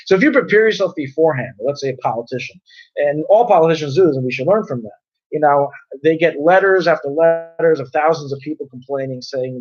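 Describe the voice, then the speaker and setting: Speaking quickly and expressively in a higher-leaning voice, a man teaches a conversational Torah class. He leans on everyday examples and keeps repeating and restarting his phrases, all captured in a dull, lo-fi recording.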